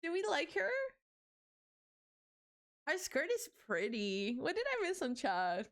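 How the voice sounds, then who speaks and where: A woman's voice: high-pitched, big pitch swings, slow. A young adult woman streamer chatting casually with her viewers, giggly and bubbly, swearing freely. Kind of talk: casual livestream chat with viewers.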